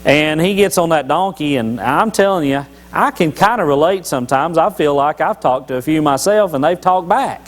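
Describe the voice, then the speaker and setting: A man's voice: fairly high pitch, expressive, normal speed, few pauses, low-quality recording. A man giving a folksy, joking devotional talk at church, telling Bible stories with many restarts. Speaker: lay church speaker.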